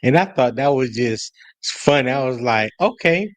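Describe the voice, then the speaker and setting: A man co-hosting a casual sports talk livestream, speaking in a relaxed, rambling way with many fillers. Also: mid-range voice, measured pace, no room sound. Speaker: podcast co-host. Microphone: streaming mic.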